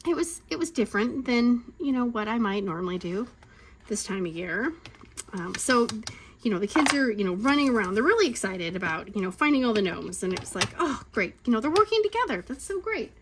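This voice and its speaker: A woman in her thirties hosting a crafting channel, telling a rambling story in a chatty rant and acting out quotes in sudden high voices. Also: brisk, noisy background. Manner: rambling and animated, acting out quotes with big pitch jumps.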